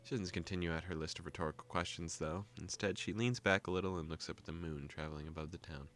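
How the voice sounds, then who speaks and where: A young man hosting a gaming video, calmly reading a visual novel aloud with joking asides. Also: deep voice, fast.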